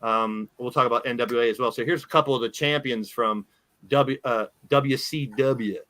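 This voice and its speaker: Male podcast host, rambling casual chat, bright tone, dry mic. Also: medium pitch, moderate pace, no room sound. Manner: rambling, talks while showing things on screen.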